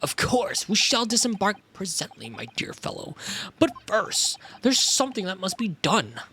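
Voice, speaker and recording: A streamer voicing a smug, posh gentleman detective in a grand, theatrical manner, reading game dialogue aloud. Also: medium pitch, sing-song, moderate pace, slight background noise.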